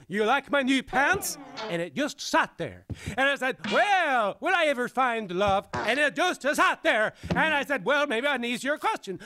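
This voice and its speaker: A man voicing an excitable Swedish comedian who rants indignantly about everyday things, with a Swedish accent. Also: very high-pitched, a little hiss or hum, heavily acted. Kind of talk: cartoon voice acting.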